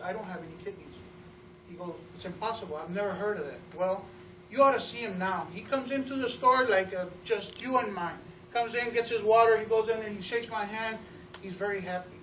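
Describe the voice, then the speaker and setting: A man giving an energetic testimonial to a live audience about running his store, telling stories with acted-out quotes and often repeating words. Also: sits high, slight background noise. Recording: roomy, distant, dull sound.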